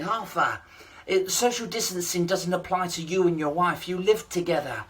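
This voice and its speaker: A man's voice: sits high, moderate pace, a bit bright, a little hiss or hum. A man doing a ventriloquist stand-up set online, playing the straight man and chiding his puppet. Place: at home during lockdown.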